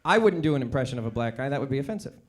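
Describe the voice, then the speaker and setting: A man's voice: medium pitch, animated, very fast. A man in his thirties performing a stand-up set in a theatre, rambling and self-deprecating with lots of fillers. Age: 30s. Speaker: stand-up comedian. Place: theatre stage.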